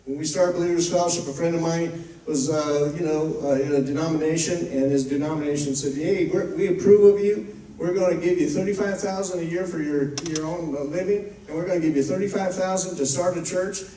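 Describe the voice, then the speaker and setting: A man's voice: fairly high pitch, fairly even intonation, brisk, warm tone, a little hiss or hum. A man preaching a sermon as pastor, emphatic and repetitive, building to fervent passages. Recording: roomy echo, distant mic.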